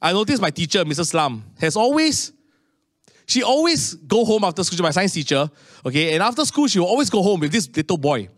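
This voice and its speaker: A middle-aged man preaching a sermon, telling stories with animated, rising tones. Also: brisk, no echo, clean studio sound. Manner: animated storytelling, rising to high excited tones. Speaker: pastor.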